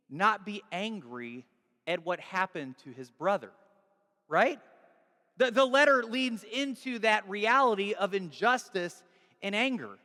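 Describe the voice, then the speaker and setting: A man's voice: sits high, pushed and bright, in a large hall. A man preaching a sermon as pastor, earnest and pleading, building to fervent rhetorical questions.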